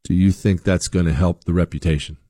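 A man's voice: sits low, brisk, no echo, clean studio sound. A man delivering an opinion commentary monologue, emphatic, full of rhetorical questions, often restarting and repeating words. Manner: emphatic, animated, rhetorical questions, acts out quoted voices. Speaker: political commentator host.

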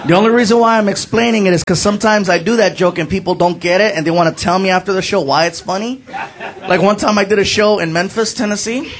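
A man performing a stand-up comedy routine, loud and animated, shouting punchlines and laughing along. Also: high-pitched, fast. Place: comedy club stage with laughing audience. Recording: live show with crowd noise. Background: audience laughter.

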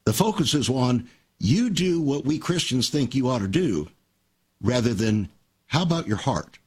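A man's voice: mid-range voice, sing-song, moderate pace, darkish tone, slightly rough. An older man hosting a Christian radio talk show, telling stories earnestly and with emphasis.

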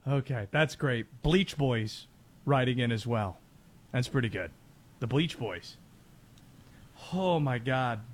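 A man hosting a sports talk show, chatty and excitable, laughing easily. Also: mid-range voice, takes it slowly, long pauses. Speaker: sports radio host.

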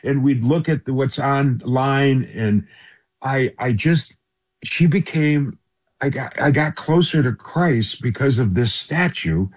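Husky-voiced man telling a story earnestly. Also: mid-range voice, expressive, slow. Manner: earnest, keeps addressing the host by name. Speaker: radio interview guest.

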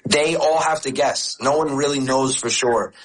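A man's voice: medium pitch, moderate pace, low-quality recording. A comedian who is a guest in an interview. He tells stories casually, laughs often and repeats words.

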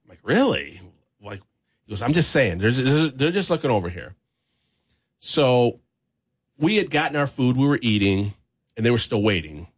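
A man's voice: mid-range voice, normal speed, long pauses, slightly rough. Guy rambling thru a story on a talk show, lots of likes and you knows. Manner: rambling, animated storyteller with many fillers. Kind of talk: casual storytelling chat.

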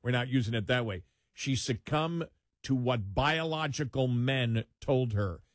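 A man co-hosting a talk show, speaking in emphatic, animated commentary with frequent laughs. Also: mid-range voice, unhurried, no room sound, clean studio sound. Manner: animated, emphatic, laughs while mocking opponents. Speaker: co-host.

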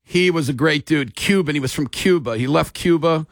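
A man's voice: fairly high pitch, normal speed, no room sound, clean studio sound. A middle-aged man hosting a sports radio talk show, telling stories in a folksy, emphatic way.

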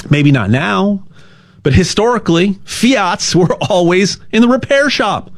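A man giving a casual, rambling sales pitch, stumbling over repeated words and cracking jokes. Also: animated, a little slow. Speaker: gold sales ad host.

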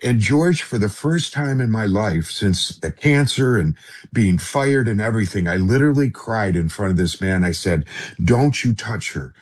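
A middle-aged man, a former radio personality, tells a personal story in an interview in an earnest, halting way and often addresses the host by name. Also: fairly low pitch, lively intonation, a little mellow.

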